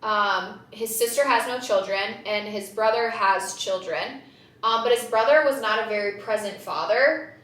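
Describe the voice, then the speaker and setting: A woman hosting a podcast, talking casually in a loud, animated way and laughing often. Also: mid-range voice, normal speed, distant mic. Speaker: podcast host. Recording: roomy echo.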